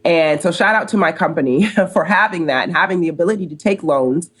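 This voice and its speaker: A middle-aged woman from the United States, speaking low as a podcast guest. She tells her story casually and brings each quoted person to life. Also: brisk, breathy edge. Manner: animated storyteller, acts out quoted dialogue. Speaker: company co-founder, podcast guest.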